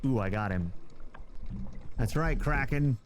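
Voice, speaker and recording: A man's voice: mid-range voice, takes it slowly, noisy background. A man streaming a game live, commenting as he plays, often yelping and exclaiming in surprise. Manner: excitable, yelps and exclaims often.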